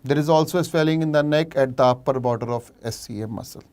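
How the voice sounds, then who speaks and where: Smooth Indian man teaching a live revision class. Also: medium pitch, fast talker, a little mellow. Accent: Indian English. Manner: explains cases while reading out viewers' chat answers; mixes in Hindi asides. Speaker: medical exam teacher. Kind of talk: live online revision lecture.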